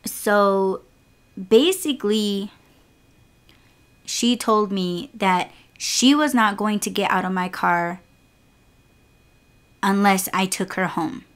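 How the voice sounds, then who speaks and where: A woman's voice: mid-range voice, takes it slowly, pauses often. Young woman venting on her podcast, blunt and fed up, swears a lot, acts out what people said. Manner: exasperated, candid, swears freely, acts out quotes. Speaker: podcast host and rideshare driver. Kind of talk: casual storytelling monologue.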